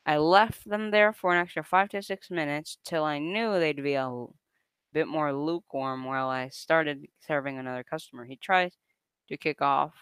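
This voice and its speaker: A man's voice: a little high, a bit bright, clear, resonant tone, no echo. A young man casually reading an online story aloud to a co-host, often breaking into laughter as he reads.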